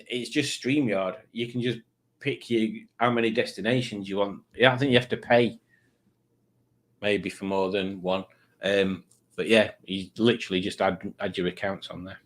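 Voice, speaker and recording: A man hosting a live stream in casual chat, reading out viewer comments in a rambling, self-mocking way. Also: mid-range voice.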